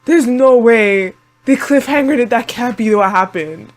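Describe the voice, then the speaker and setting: A woman's voice: on the high side, unhurried. A woman hosting an anime reaction video, talking in an emotional, panicky and rambling way with many exclamations. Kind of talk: live reaction commentary.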